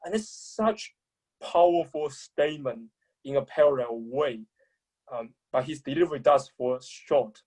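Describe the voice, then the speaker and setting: Man with a husky voice, thinking out loud, restarts a lot. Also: mid-range voice, a little slow, poor audio. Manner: thoughtful, searches for words with restarts. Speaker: public speaking commentator. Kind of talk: analytical discussion.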